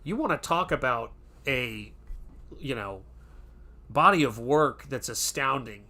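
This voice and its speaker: Bright-voiced man chatting casually. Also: mid-range voice, animated. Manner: rambling, chatty, many fillers and restarts; does quick pirate voices in quotes. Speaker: art channel host. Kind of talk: casual livestream chat.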